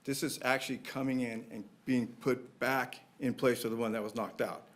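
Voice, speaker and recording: A man's voice: mid-range voice, fairly even intonation, moderate pace. City division manager guy explaining to council, earnest, stops and starts. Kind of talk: staff briefing at council meeting.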